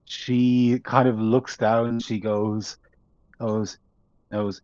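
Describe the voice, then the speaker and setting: Slow, halting male game master. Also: lowish voice, level tone, a little mellow, dry recording, muffled recording. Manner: slow, halting, searching for words. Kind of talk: narrating a tabletop game.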